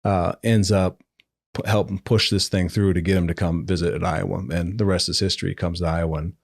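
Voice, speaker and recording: Forties guy, coach on a podcast, animated storyteller, fairly deep voice, dry close sound. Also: fairly quick, gravelly, dry recording. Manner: animated, acts out quoted dialogue, laughs while telling. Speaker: football coach, podcast guest. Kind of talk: conversational storytelling.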